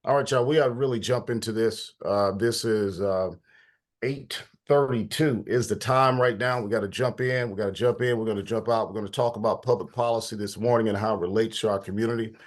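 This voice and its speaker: A man's voice: lowish voice, steady tone, a little fast. A man hosting an online policy meeting in a casual, informal way, a little stuffy and congested. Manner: informal, greets attendees by name. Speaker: host of policy talk.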